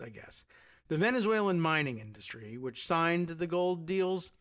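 A man with a somewhat raised voice reads a news piece aloud. He keeps breaking off to think out loud, with fillers and dry, sardonic remarks. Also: on the high side. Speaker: commentator reading news aloud. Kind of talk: casual reading and commentary.

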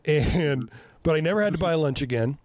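A man in his fifties with a slightly high voice tells stories on a podcast, swearing freely and laughing at his own jokes. The sound is dry and close, with no room around him. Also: fairly quick, dry recording. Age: 50s. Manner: profane, animated storytelling with self-mocking laughs. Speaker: podcast host. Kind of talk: casual podcast chat.

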